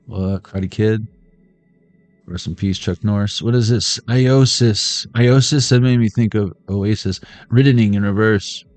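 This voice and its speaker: A middle-aged card reader entertains his stream with a casual, jokey reading and pop-culture asides. He speaks at normal speed in a steady, fairly low, darkish voice. The recording is dry with soft background music.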